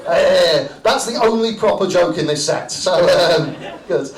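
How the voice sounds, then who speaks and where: A man's voice: sits high, lively intonation, moderate pace, a crowd in the background. A man doing a stand-up comedy set on stage, rambling and cheeky, tagging lines with "right?". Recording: roomy echo from far off.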